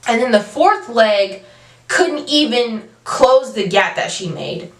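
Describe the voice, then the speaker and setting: A young adult woman telling a storytime vlog, animated and emphatic, with casual slang. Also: fairly high pitch, takes it slowly. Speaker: vlogger. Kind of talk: storytime monologue. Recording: roomy, from a distance.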